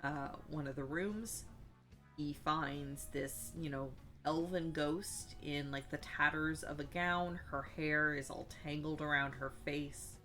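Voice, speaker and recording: A woman's voice: low-pitched, fairly even intonation, slow, bright, forceful tone, faint music behind. A woman casually recapping a tabletop role-playing session, rambling with many fillers and asides. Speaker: player recapping a tabletop game.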